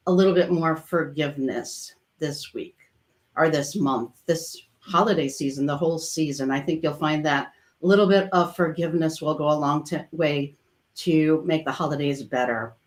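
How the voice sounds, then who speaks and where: Low-voiced woman coach hosting. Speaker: coach and host. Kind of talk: casual webinar chat.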